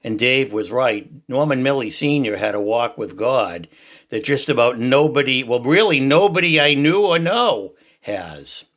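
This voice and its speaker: A man's voice: expressive, a little slow. Earnest older man with Boston accent. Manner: earnest, emphatic, loud booming voice. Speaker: Christian YouTuber sharing church reflections. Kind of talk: heartfelt personal testimony.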